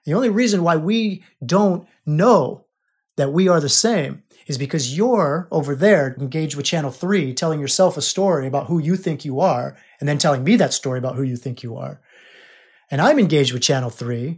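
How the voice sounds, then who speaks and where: A man's voice: on the high side, animated, moderate pace, breathy edge. A man hosting a podcast as a coach, teaching in an emphatic, repetitive way. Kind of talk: spiritual coaching monologue.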